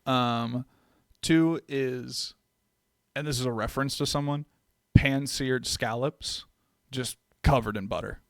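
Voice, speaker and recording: A man co-hosting a podcast, chatting casually in a laid-back way. He swears freely and often repeats himself. His voice sounds dry and close, with his pitch in the middle of the usual male range. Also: slow pace, no room sound. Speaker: podcast co-host. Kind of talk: casual chat.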